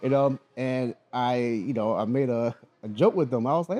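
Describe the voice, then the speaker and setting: A man in his forties co-hosting a casual chat, talking with lively energy and laughing easily. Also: medium pitch, moderate pace, hardly any pauses. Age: 40s. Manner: lively, animated, laughs often. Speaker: podcast co-host.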